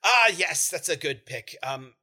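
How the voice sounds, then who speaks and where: A man voicing a fussy, excitable male gnome who breeds giant hamsters, with a stammering, high put-on voice. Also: unhurried, full character voice. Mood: genial. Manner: high-pitched, flustered, stammering.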